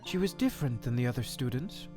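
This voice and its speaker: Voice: mid-range voice, very animated, fast, music in the background, close to an everyday voice. A streamer voicing a cold, proud woman prosecutor in a courtroom video game. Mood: haughty. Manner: aloof, haughty. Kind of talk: live-streamed game voice-over.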